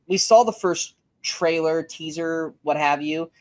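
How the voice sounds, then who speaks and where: A man's voice: on the high side, unhurried. A man co-hosting a casual movie review podcast, ranting emphatically and swearing freely. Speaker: podcast co-host.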